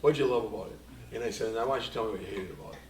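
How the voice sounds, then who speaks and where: A man's voice: lowish voice, racing, a little mellow, slight background noise. A man, a school superintendent, giving a rambling anecdotal report at a board meeting and quoting himself and a former student. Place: meeting room. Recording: echoey room, distant mic, faint ambience.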